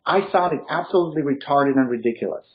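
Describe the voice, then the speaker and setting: A man with a slight foreign accent, a non-native English speaker, gives motivational advice in a casual interview. His voice sits somewhat high for a man. The lo-fi call audio sounds a little dull. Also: fast. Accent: Eastern European. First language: not English. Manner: emphatic, motivational, laughs easily. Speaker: real estate coach, guest.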